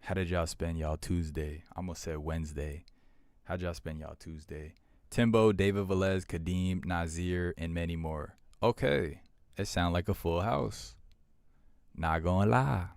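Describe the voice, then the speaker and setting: A man's voice: low voice, a little slow, creaky, a little mellow, clear, resonant tone, no echo. A young man hosting a livestream, chatting casually with viewers and repeating himself in a laid-back way. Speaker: livestream host.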